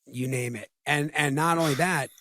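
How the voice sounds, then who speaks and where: Halting middle-aged man, dry sound. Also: fairly high pitch, bright, forceful tone, dry recording. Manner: halting, repeats words often. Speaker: guest. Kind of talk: casual podcast conversation.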